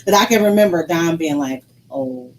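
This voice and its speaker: A woman's voice: low-pitched, animated, normal speed, a little hiss or hum, rough recording. A woman co-hosting a casual couple's talk show, speaking frankly and emphatically about her feelings. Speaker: co-host.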